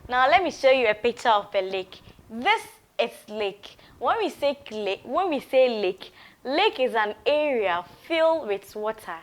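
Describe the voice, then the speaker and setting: Woman, kindergarten TV teacher, animated, fairly high voice. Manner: sing-song, drawn-out words for children to repeat. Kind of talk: TV lesson for young children.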